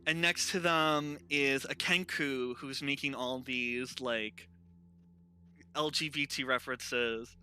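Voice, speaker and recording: Giggly gm narrating a tabletop game, slow and halting, bright tone, bit of music behind. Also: medium pitch, steady tone. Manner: giggly, halting, lots of fillers. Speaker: game master.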